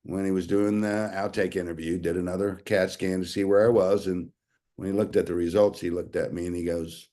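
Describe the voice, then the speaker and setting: A man's voice: sits low, flat delivery, a little fast, mellow. A man, earnestly telling his own story to an audience and calling them y'all. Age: 60s. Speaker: speaker sharing a health testimonial. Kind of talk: personal testimony to an audience.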